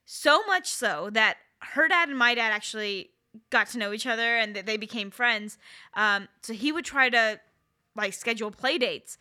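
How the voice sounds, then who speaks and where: Wry bright-voiced woman in her thirties. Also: a little high. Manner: candid, wry and self-deprecating. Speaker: podcast co-host. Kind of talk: casual chat.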